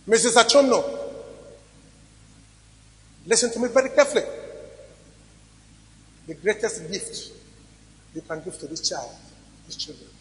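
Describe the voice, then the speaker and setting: A man preaching a sermon as pastor, swinging between loud emphatic rises and quiet drops. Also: sits high. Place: church hall. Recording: reverberant church hall recording.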